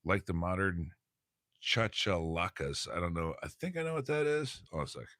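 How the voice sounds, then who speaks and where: A man's voice: low voice, lively intonation, normal speed, fairly bright tone, no echo, clean studio sound. A man teaching a casual lesson, reading a textbook aloud in a laid-back, slangy way, often stumbling over words, recorded on a phone.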